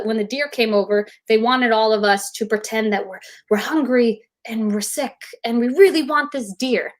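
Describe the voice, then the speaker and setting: Woman guest spinning a lively story on a video call, kinda high voice, acts out the quotes. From United States. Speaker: guest actor. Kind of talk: casual storytelling.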